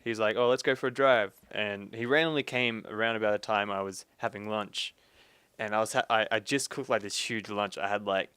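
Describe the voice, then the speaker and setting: A man with a smooth, resonant voice tells a story in a loose, rambling way. He keeps restarting his sentences and fills them with "like", the way friends talk while they play a game together. The sound is dry and close. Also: fairly low pitch, fairly quick, sharp tone, no room sound. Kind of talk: casual chat while gaming.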